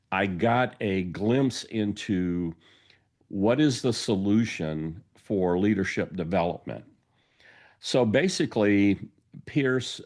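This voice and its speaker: A man with a somewhat low voice hosts a podcast in a storytelling monologue. He tells an anecdote and briefly acts out the quoted lines of the people in it. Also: darkish tone. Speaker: podcast host.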